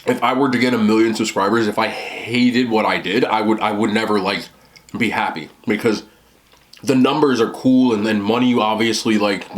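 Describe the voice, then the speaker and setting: A man's voice: lowish voice, a bit bright. A young man who vlogs about eating, chatting casually as he eats on camera, often talking with a mouthful and rambling. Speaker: mukbang vlogger.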